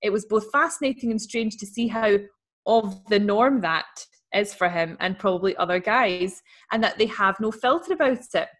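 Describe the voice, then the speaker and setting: A woman's voice: mid-range voice, moderate pace, fairly bright tone. A woman who co-hosts a podcast, reading a listener's letter aloud in a chatty, wry way and laughing easily. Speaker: podcast co-host.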